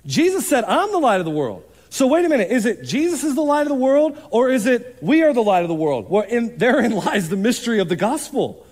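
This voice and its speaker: High-voiced male pastor preaching in a hall. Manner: conversational preaching, animated, quick asides. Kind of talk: sermon. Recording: long hall reverb.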